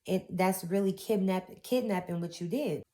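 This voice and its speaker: Her voice sits on the low side, warm in tone and moderate in pace, as a young woman pours out her own painful story. The testimony is raw and heartfelt, spoken in casual Southern-style grammar.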